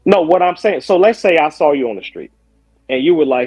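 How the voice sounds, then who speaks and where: A man taking part in a casual spoken debate over a video call, talking in loose asides and quick self-corrections. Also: a little high, sing-song, slightly rough, no room sound, dull audio, faint music behind. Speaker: Muslim guest in a debate.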